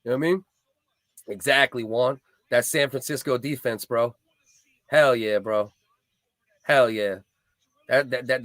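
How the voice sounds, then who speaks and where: A man's voice: mid-range voice, a bit bright, dry recording, studio quality. A man, hosting a casual livestream and telling rambling, profane, heated stories. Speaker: livestream host.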